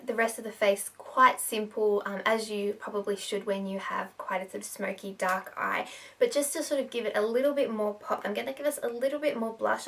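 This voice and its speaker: A woman's voice: on the high side, far from the mic. A woman giving a casual makeup tutorial, talking in a chatty way with lots of fillers.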